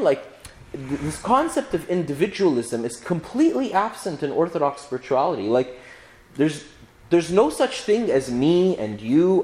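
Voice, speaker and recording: A priest teaching scripture in a loose, conversational way. His pitch runs a little high for a man, and it swoops up and down. He keeps checking in with his listeners with "right?". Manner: animated, chatty, frequent "right?" asides and restarts.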